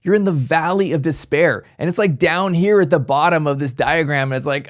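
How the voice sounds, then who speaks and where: A man hosting a business podcast, giving an energetic motivational talk and acting out the thoughts of his listeners. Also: a little high, fairly quick, hardly any pauses. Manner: energetic, animated, acts out quoted voices.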